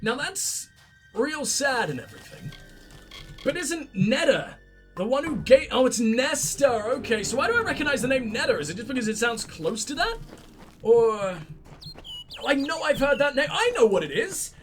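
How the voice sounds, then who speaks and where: A high-pitched man with a stuffy nose narrates his gameplay in a sweary, sarcastic and excitable way. Faint game music runs under his voice. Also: moderate pace. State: sick, stuffy-nosed. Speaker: let's play host. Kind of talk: gameplay commentary.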